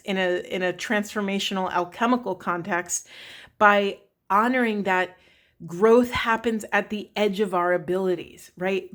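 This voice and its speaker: Rambling, earnest woman tarot reader. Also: mid-range voice. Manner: earnest, rambling, with fillers and "right?" tags. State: emotional, near tears. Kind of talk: spiritual tarot reading.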